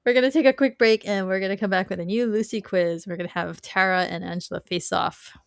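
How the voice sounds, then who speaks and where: A woman's voice: mid-range voice, fairly even intonation, fast, vocal fry, faint music behind. A woman hosting a casual podcast and running a quiz, laughing often between lines. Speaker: podcast host and quiz master.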